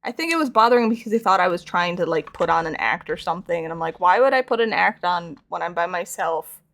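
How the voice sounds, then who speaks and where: Gravelly-voiced young woman rambling casually. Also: on the low side, fast. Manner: rambling, playful, animated storytelling. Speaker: streamer painting figures. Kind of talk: casual chat while crafting.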